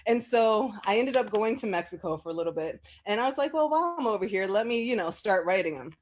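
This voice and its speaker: Talking fast in a medium-pitched voice, a woman shares memories casually during an interview. Chatty and full of fillers, she laughs often and gets animated whenever she quotes someone.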